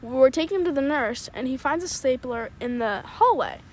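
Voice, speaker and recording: A young teenage girl telling stories in casual chat, excitable and dramatic, acting out what people said. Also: sits high, fairly quick, slight background noise. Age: young teen. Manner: excitable storyteller, dramatic quoting. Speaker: podcast co-host.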